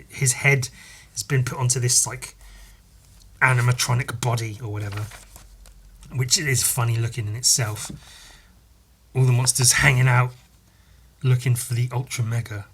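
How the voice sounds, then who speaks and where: A man's voice: mid-range voice, sharp tone, husky. A man hosting a podcast, reading through a comic book in a casual, rambling, sweary way. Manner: rambling, sweary, laughing often. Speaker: podcast host.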